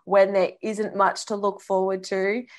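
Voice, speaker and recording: A woman co-hosting a podcast, talking in a relaxed, reflective way and trailing off with fillers. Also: mid-range voice, unhurried. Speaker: podcast co-host. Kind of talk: casual chat.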